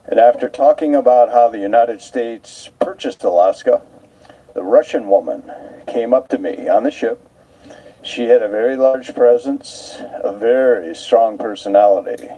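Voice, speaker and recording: A man narrating live aboard a cruise ship, telling stories at an unhurried pace and drawing out key words for emphasis. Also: medium pitch, warm tone, low-quality recording. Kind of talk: live storytelling commentary.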